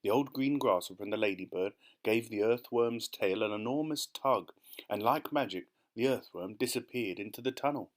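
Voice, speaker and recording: A man's voice: fairly low pitch, normal speed. A man reading a children's audiobook as narrator, telling the story steadily and expressively. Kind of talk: scripted narration.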